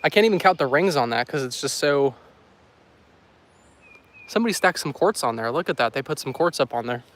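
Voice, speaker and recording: A man's voice: on the high side, expressive, a little fast, a bit bright. Chatty man livestreaming on a walk. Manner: rambling, joking, chatty asides to chat. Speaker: weather livestream host. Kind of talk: casual live-stream chat while walking. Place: outdoors by a road in the countryside. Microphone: handheld phone.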